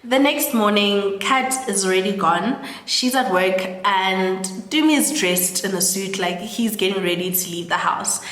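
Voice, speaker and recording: A woman's voice: medium pitch, unhurried, few pauses, a bit bright. Chatty young South African woman, echoey room. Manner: chatty, full of "like" and laughing asides. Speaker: storytelling host. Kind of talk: casual film recap. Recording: roomy echo with long reverb.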